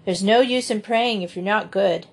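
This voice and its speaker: A woman voicing a gentle, tearful young girl who speaks softly with sighs. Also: mid-range voice, normal speed, vocal fry, husky. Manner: gentle, sighing.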